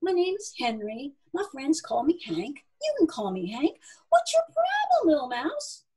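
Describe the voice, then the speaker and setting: A woman's voice: high-pitched, huge pitch swings, measured pace, darkish tone, voice pushed up, full character voice. A woman voicing a friendly, easygoing male stable animal with a cheerful manner in a storybook reading.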